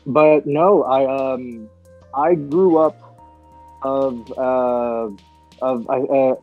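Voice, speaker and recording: A man's voice: mid-range voice, extremely slow, narrow, tinny audio, faint music behind. A young man, a guest singer, chatting casually on a podcast, hesitant with many fillers and restarts. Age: young adult.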